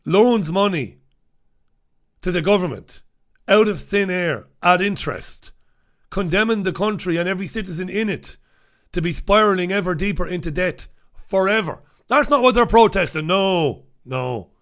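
A man's voice: high voice, animated, normal speed, fairly bright tone. A man hosting a radio show, delivering an angry, sarcastic monologue full of swearing. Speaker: radio host. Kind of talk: ranting monologue.

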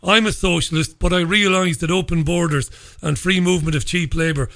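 Bright-voiced Irish radio host. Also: male voice, high voice, fairly even intonation, gravelly. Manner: chatty, jokey, brisk. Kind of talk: talk radio hosting.

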